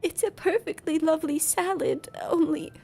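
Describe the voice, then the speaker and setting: A woman's voice: very high-pitched, moderate pace, creaky, dark tone, voice pushed up. A woman voicing a distraught, homesick alien customer in a video game who wails and sobs. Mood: tearful. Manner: wailing, tearful.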